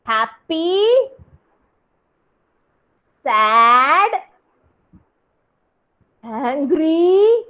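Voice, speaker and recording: A woman teaching a kindergarten class online, talking in an animated, sing-song way for small children over a video call. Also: high voice. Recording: dull lo-fi video call audio.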